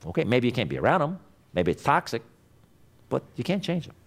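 A middle-aged man giving a blunt motivational lecture to a class, emphatic and swinging between loud and quiet. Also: medium pitch, big pitch swings, a little fast, vocal fry. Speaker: class instructor. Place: classroom with students.

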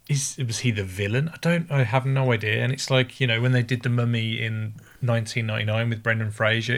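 A man chatting casually about old films, jokey and quick to laugh. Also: medium pitch, gravelly, a bit bright. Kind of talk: casual film podcast chat.

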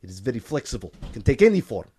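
A man putting on a stern Russian accent, reading slowly and deliberately. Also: medium pitch, sing-song, dark tone, husky. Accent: put-on Russian.

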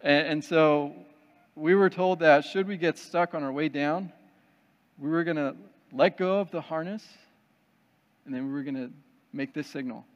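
A man telling a personal story to an audience in a conversational, self-deprecating and lively way. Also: fairly high pitch, moderate pace, long pauses, in a large hall, lo-fi sound.

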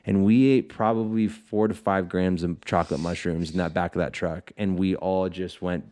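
A man's voice: sits low, fairly even intonation, moderate pace, mellow. A man guesting on a podcast, telling loose, profane stories in casual chat with lots of "like" fillers. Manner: loose storytelling, swears freely; frequent "like" fillers.

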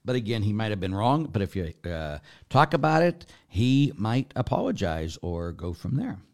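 Candid man, Catholic priest, lowish voice. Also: normal speed. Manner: candid storytelling, animated when quoting others. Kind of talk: casual advice talk.

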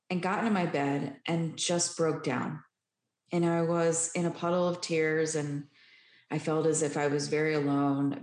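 A woman's voice: low voice, darkish tone. A woman guest candidly and earnestly telling her personal recovery story. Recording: roomy echo.

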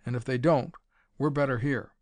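A man's voice: medium pitch, steady tone, normal speed, no echo, natural voice. A man voicing an earnest young jungle woman. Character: brave young woman of a lost tribe.

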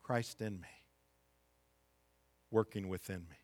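A man's voice: low voice, slow, a little mellow. Impassioned male pastor preaching. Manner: impassioned, rising to emphatic peaks. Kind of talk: sermon.

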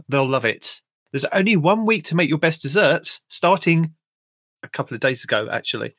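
British guy hosting a game podcast, slightly high voice, dry close sound, reads stuff out and cracks jokes. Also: a bit bright, no room sound. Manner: reads news items out, joking asides. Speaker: podcast host. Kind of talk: casual gaming podcast chat.

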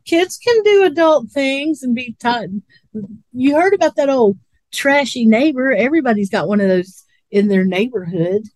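A woman's voice: high-pitched, expressive, normal speed, darkish tone, no room sound. A woman co-hosting a podcast in casual chat, rambling and laughing a lot. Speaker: podcast co-host.

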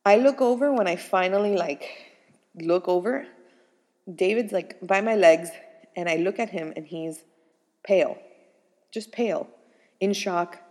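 A young woman tells a personal story in an animated, chatty way and keeps filling her sentences with little asides. Her voice sits at an ordinary middle pitch. A long reverb trails behind every line, as though she was recorded in a large hall. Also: a little slow, pauses often. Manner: animated and chatty, full of fillers. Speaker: first-time mother telling her pregnancy story.

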